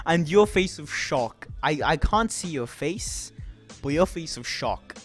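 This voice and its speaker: Young man, casual storytime vlog, animated, swears a lot, slightly high voice. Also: slow pace, soft background music. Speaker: vlogger.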